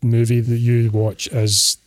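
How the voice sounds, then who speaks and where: A man's voice: mid-range voice, level tone, slow pace, no echo. A Scottish man co-hosting a podcast, chatting casually and easygoing about films. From Scotland. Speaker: podcast co-host. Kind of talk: casual film chat.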